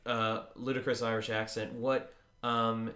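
A man's voice: mid-range voice, flat delivery, a little slow, sharp tone, roomy sound. A man co-hosting a podcast, recapping a TV episode in casual chat, rambling with many fillers and dry jokes. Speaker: podcast co-host.

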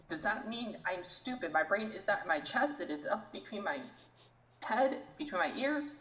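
A woman co-hosting a podcast, ranting in an animated, exasperated way in casual chat. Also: mid-range voice, moderate pace, roomy sound, poor audio. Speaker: podcast co-host.

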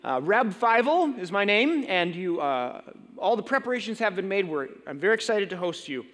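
A man's voice: sits high, sing-song, moderate pace, fairly bright tone, long reverb tail. A man playing a proud wealthy townsman in a story told from the pulpit, self-important in manner. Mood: eager.

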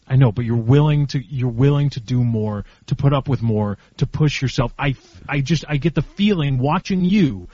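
A man's voice: medium pitch, moderate pace, warm tone, no room sound, dull audio. A man in an earnest group conversation, giving a friend blunt advice and restarting his sentences as he makes his point. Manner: blunt, repeats and restarts while making a point.

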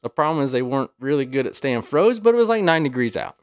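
A man's voice: medium pitch, very animated, quick pace, no echo. A man on a podcast as a guest, telling casual stories and cussing freely. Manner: laid-back, cusses freely. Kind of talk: casual storytelling.

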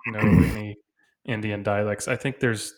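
A man's voice: fairly low pitch, steady tone, a little slow. A man in his thirties co-hosting a casual podcast chat, joking, laughing often and putting on voices for quotes. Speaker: podcast co-host.

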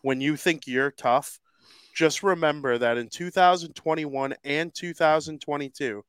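Clear-voiced man hosting a sports podcast. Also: a little high, a little slow, dry recording. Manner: joking, excitable. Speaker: podcast host. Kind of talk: casual sports chat.

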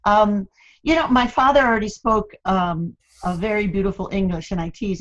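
A woman's voice: on the low side, brisk, lo-fi sound. Chatty older woman telling laughing stories. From Florida, USA. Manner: chatty storyteller, laughs often. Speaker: guest. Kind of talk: casual interview chat.

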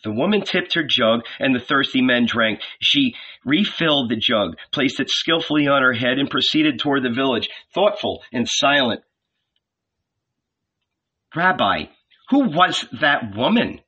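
A man narrating an audiobook in a measured, expressive reading. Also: medium pitch, slightly rough. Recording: lo-fi dull audio.

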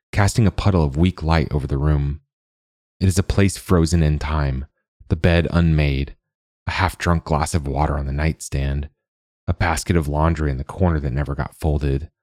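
A man reading an audiobook in a measured, even storytelling manner. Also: extremely low pitch, no room sound, studio quality. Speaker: narrator. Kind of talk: audiobook narration.

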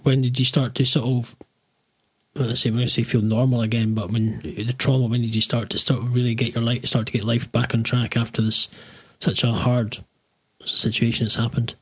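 A man conducts an interview, stopping and rephrasing his questions as he goes. His voice is slightly husky at a middle pitch, and the recording is dry and close. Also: little pitch movement, normal speed, dry recording.

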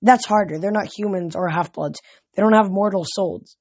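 A reader voicing a gloomy young boy who can sense death, in a storybook reading, spoken flat and quiet. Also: sits high, moderate pace, husky, no room sound. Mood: somber.

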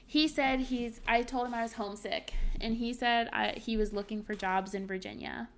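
Casting note: young woman, fairly high-pitched voice, candid solo podcast host reading journal entries, chatty with ums and likes. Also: steady tone, normal speed, a little hiss or hum.

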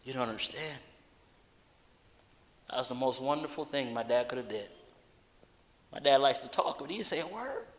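A man preaching a sermon, moving from loud urgent appeals to quiet personal storytelling. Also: mid-range voice, expressive, normal speed, long pauses. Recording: long reverb of a large hall.

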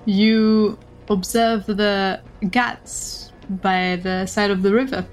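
Slow-paced woman game master. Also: mid-range voice, fairly even intonation. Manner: slow, measured narration with frequent laughter. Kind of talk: narrating a tabletop game.

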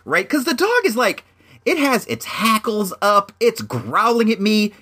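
A man's voice: sits high, very animated, a little slow, pushed and bright, husky. A young man telling a story in a casual, rambling monologue, often restarting his sentences. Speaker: vlogger.

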